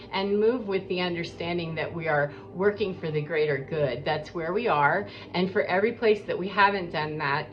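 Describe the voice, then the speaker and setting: A woman giving an earnest, rambling spiritual monologue as a coach, talking in a preachy way. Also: on the low side. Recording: dull lo-fi with faint background noise.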